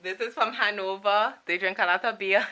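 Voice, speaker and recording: Her voice sits in the mid-range, bright and pushed, at a normal speed. She's a young woman from Saint Martin casually and playfully chatting through her souvenir collection for a vlog, laughing along the way.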